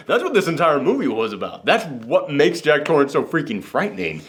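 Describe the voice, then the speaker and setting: A young man co-hosting a casual film review, talking fast and loose and slipping into mocking voices of characters. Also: a little high, vocal fry, a little hiss or hum. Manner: animated, jumps into mocking impressions. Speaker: podcast co-host. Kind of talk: casual movie review chat.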